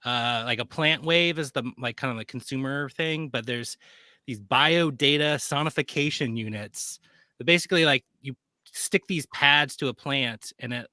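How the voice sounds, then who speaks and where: A man chats as a guest, his voice bright and lively in tone. He rambles, piling up fillers and restarting his sentences. The sound is close and dry. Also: mid-range voice, normal speed, dry recording. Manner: rambling, many fillers and self-corrections. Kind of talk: casual chat.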